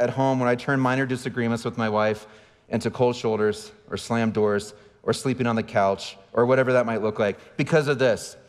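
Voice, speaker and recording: Candid male pastor in a reverberant hall. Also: mid-range voice. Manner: candid, self-deprecating storytelling. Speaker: campus pastor. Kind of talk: conversational sermon. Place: church auditorium.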